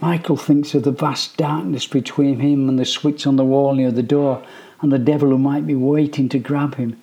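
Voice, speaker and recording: Male narrator, quiet and tense storytelling, mid-pitched. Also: level tone. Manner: slow, hushed, suspenseful. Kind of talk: scripted narration.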